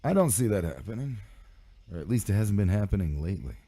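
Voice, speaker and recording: A man's voice: lowish voice, big pitch swings, quick pace, dark tone, slightly rough. A man hosting a live radio show in loose, rambling, profane banter, his voice sick. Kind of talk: casual live stream and radio chat.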